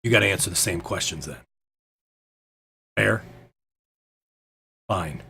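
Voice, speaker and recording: A man's voice: sits low, lively intonation, slow pace, gravelly, bright, forceful tone, slight background noise, heavily acted. A man voicing a blunt, wary ranger who has changed his ways, talking pushily and defensively. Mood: earnest.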